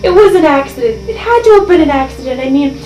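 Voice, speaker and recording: A woman playing a grieving friend in a mock documentary, halting and tearful with many fillers, recorded in an echoey room from a distance with faint music behind. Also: high-pitched, darkish tone, natural voice.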